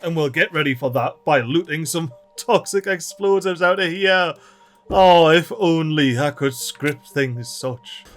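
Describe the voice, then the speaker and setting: A man with a Geordie accent giving excitable, slangy, mildly sweary commentary as he plays a game. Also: fairly high pitch. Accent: Geordie, North East England. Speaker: let's play host. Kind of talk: gameplay commentary.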